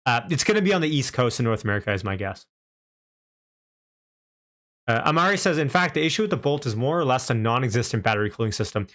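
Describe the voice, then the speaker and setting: A man's voice: medium pitch, lively intonation, fast, pauses often, fairly bright tone. Chatty young man streaming live. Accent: light Canadian. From Canada. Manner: chatty, laughs a lot, reads out chat messages. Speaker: livestream host. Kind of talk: casual live stream chat.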